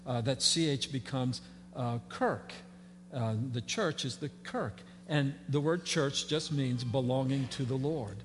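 A man's voice: medium pitch, a little slow, long reverb tail, a little hiss or hum. A man preaching a sermon as pastor, conversational and folksy, with fillers and playful asides. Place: church sanctuary.

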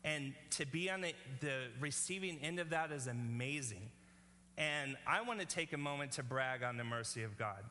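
A man's voice: mid-range voice, lively intonation, normal speed, sharp tone. Guy preaching a sermon, casual and earnest, keeps saying okay, bit of hall echo and hum. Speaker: pastor.

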